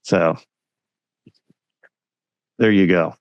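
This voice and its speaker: Gravelly low-voiced man on dull audio. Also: fairly even intonation, extremely slow, no echo. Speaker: podcast host. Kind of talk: casual interview chat.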